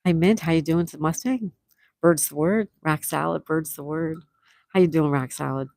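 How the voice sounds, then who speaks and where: A woman's voice: sits low, normal speed, gravelly, darkish tone, dry recording, studio quality. A woman hosting a casual livestream, chatting and reading out viewer comments, laughing often. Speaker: livestream host.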